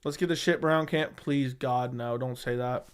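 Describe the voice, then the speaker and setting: A man's voice: medium pitch, fairly even intonation, moderate pace, smooth. A man hosting a casual livestream, reading viewer comments and answering bluntly, often swearing and repeating himself. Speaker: MMA livestream host. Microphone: studio dynamic microphone.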